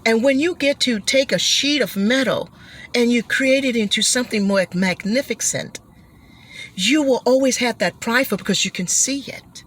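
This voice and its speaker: A woman giving a motivational talk, animated and expressive, acting out gasps and shouts as she makes her points. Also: fairly high pitch, normal speed, breathy edge. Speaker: motivational speaker.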